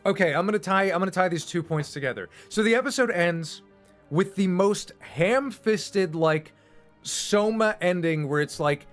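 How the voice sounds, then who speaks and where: A male streamer launches into a casual, heated rant, swearing freely and hammering his points home. His voice sits somewhat high, and quiet music plays behind him. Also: normal speed. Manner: profane, emphatic, animated.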